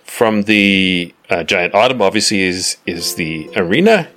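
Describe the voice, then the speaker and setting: A man narrating as game master for a tabletop game, slow and halting with many fillers. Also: low voice, a bit bright, faint music behind.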